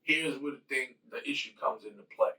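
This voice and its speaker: A man's voice: mid-range voice, brisk, sharp tone, far from the mic, low-quality recording. A man casually retelling his own rewrite of a movie in a rambling, slangy way with lots of fillers. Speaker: channel host.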